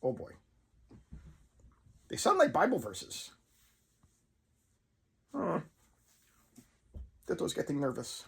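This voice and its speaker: A man's voice: fairly high pitch, huge pitch swings, takes it slowly, creaky, long pauses, husky, full character voice. A man voicing a nervous male monster puppet who reads a horror story aloud and breaks off to comment on how scared he is. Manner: jumpy, self-conscious asides about being scared. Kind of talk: reading a story aloud with asides.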